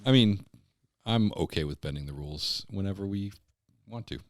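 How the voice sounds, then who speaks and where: A man co-hosting a casual podcast, talking things through in a relaxed, reasoning way. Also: low-pitched, no echo, clean studio sound. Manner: relaxed and reasoning, drawn-out explanations. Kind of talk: casual chat.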